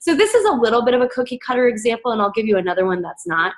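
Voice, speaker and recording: A woman with a slightly high voice talks her team through her methods in a relaxed, chatty presentation. She is upbeat, trips over restarts and fillers, and jumps up into a bright excited voice whenever she quotes someone. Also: racing. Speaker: team coach sharing recruiting tips.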